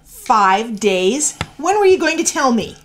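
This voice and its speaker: A woman's voice: a little high, very animated, slow pace, slight background noise. An actress playing a frantic, worried mother who demands answers. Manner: alarmed, demanding.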